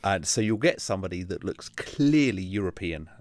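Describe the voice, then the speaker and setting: A man co-hosting a podcast in casual chat, wry and quick to burst into laughter. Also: low voice, expressive, a little hiss or hum. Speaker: podcast co-host.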